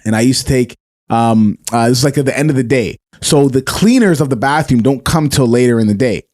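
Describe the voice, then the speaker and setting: A man co-hosting a casual podcast, telling stories in an animated, slangy way and laughing often. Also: medium pitch, brisk. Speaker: podcast co-host.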